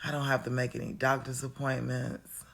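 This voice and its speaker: A woman's voice: a bass voice, level tone, normal speed, gravelly. A woman in her forties talks at home in a reflective, casual monologue, chatty and calling the listener honey. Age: 40s. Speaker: vlogger. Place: at home, indoors.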